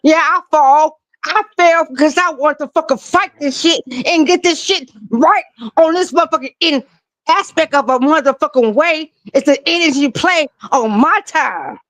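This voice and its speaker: A woman's voice: high-pitched, normal speed, fairly bright tone, no room sound, poor audio. A woman co-hosting a live stream who rants loosely and profanely, sounding tipsy and laughing often. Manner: fiery, ranting, repetitive, laughing often. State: tipsy from drinking.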